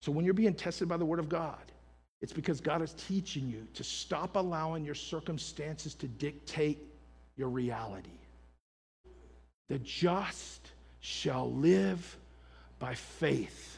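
Husky fervent preacher in echoing hall. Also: male voice, on the high side, slow pace. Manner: fervent preaching that swells loud, calling out to the church. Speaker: pastor. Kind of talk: sermon. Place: church sanctuary. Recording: long hall reverb.

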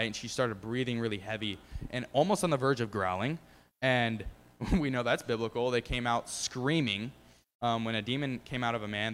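A man's voice: mid-range voice, fairly bright tone, long reverb tail. A man giving a casual, rambling testimony about faith and preaching, full of fillers and restarts. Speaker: lay preacher.

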